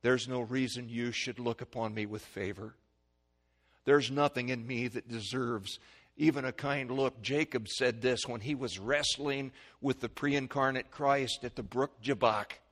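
A male preacher giving a sermon, swinging from hushed, slow pleading to loud, high-pitched shouts. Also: fairly even intonation. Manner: dramatic swings from quiet to shouting.

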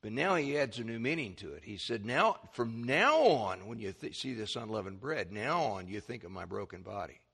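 A man preaching a sermon, teaching through scripture verse by verse, reading King James passages and growing excited over word meanings. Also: lowish voice, normal speed, few pauses, slightly rough. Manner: animated teaching, rising excitement on key points. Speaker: pastor.

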